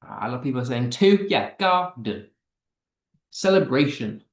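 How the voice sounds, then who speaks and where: A man's voice: mid-range voice, animated, fast talker. Man teaching an online class, echoey room. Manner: reads chat answers aloud, thinking out loud with fillers.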